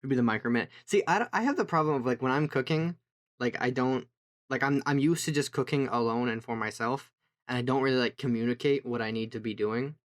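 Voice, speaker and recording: A man's voice: mid-range voice, fast talker. A young man co-hosting a casual podcast chat, rambling and laughing at his own jokes. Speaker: podcast co-host.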